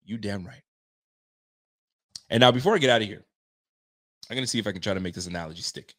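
Excitable man hyping up a live stream. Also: lowish voice, fast talker. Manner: animated, slangy, swears freely, builds himself up into excitement. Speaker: live-stream host reading viewer comments. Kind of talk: casual fan chat.

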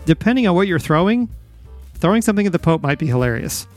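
Man, podcast host, deadpan teasing, faint music under the voice. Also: high-pitched, quick pace. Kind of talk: casual comedic podcast banter.

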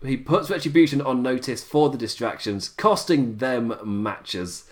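A man's voice: mid-range voice, expressive, a little slow. A tired man reviewing wrestling in a rambling, casual livestream chat, laughing often at his own remarks. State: tired late-night voice.

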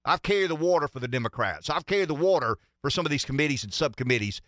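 A man's voice: a little high, animated, fast, fairly bright tone, dry recording, clean studio sound. A man giving emphatic political commentary on a talk show, stacking rhetorical questions and repeating himself for emphasis.

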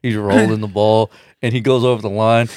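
A man's voice: lowish voice, fairly quick, dry recording, clean studio sound. A young man in casual chat with friends, retelling a comedy scene by scene, swearing freely, laughing and acting out the lines. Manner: animated storytelling, swears a lot, laughs often, acts out lines.

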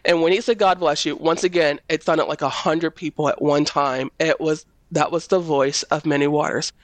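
Animated woman telling a faith testimony. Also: normal speed, no room sound. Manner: animated storyteller, acts out quoted voices in a high tone. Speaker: prophet. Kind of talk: personal faith testimony in a panel talk.

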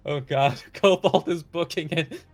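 A man's voice: a little high, a little slow, soft background music. A young man playing in a tabletop game, loose and playful, laughing often. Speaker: player. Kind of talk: casual tabletop play.

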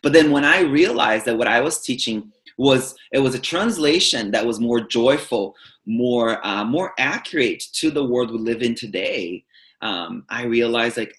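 Brief: expressive male guest, spiritual teacher, chatty storyteller who often trips over and repeats his words, medium-pitched voice. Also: unhurried. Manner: animated and expressive, with frequent stutter-like restarts. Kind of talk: storytelling in a podcast interview.

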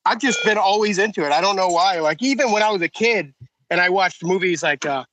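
A man's voice: high voice, a little fast, noisy background. A man chatting casually on a podcast, telling rambling, enthusiastic stories. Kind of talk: casual chat.

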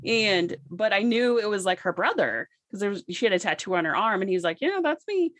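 A woman's voice: medium pitch, fairly quick, a bit bright, dry recording. A woman who is an intuitive medium, talking casually and chattily, full of "like" and the odd curse. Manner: chatty, peppers speech with "like" and swearing. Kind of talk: casual conversation.

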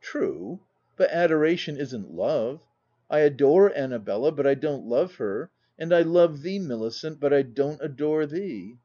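A man voicing a brash, boisterous young country gentleman who talks in a loud, blustering way, read as part of a storybook. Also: a little high, lively intonation, measured pace, dull audio. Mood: teasing.

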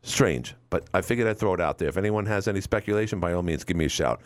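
A man's voice: deep voice, animated, fast. Rambling male radio talk host. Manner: rambling storyteller, acts out quotes. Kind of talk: casual call-in radio talk.

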